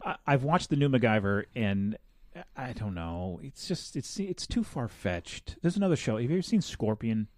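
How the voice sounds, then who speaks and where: A man's voice: mid-range voice, moderate pace, no room sound. A male podcast host with a mid-range voice that swings up and down a lot as he reads out strange news. He cracks jokes and laughs along the way. The sound is dry and close. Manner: animated, laughs often, jokey asides. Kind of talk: casual chat.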